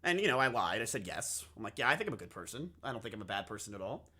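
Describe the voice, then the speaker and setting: A man's voice: fairly low pitch, sing-song, very fast, bright, forceful tone, slightly rough. A man streaming live, telling a long personal story to his chat in a crude, candid, casual way, often repeating himself.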